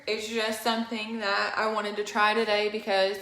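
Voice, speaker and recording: A woman's voice: mid-range voice, fairly even intonation, moderate pace, few pauses, fairly bright tone. A young woman hosting a casual live-stream makeup tutorial, chatty and rambling, a bit out of breath. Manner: chatty, rambling, apologetic asides. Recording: echoey room.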